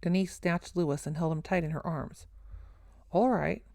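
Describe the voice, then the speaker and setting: A woman narrating a first-person story in a steady, earnest reading voice. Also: low voice, moderate pace, dry recording.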